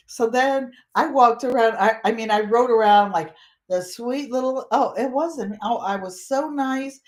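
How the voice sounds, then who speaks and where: Older woman, storytelling host, animated, swings between high and low voices, comic. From Connecticut, USA. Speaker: quilting and fiber art channel host. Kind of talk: casual storytelling.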